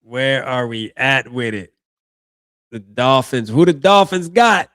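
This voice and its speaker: A man's voice: mid-range voice, animated, slow, a bit bright, dry recording, studio quality. A man hosting a live reaction stream, talking casually in slang and thinking aloud as he goes.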